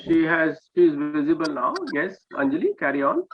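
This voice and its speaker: Over a dull, lo-fi video call, a man with an Indian English accent teaches online, patiently correcting his students and checking with "okay?" again and again. His voice is on the high side, animated, slightly rough, and a little fast.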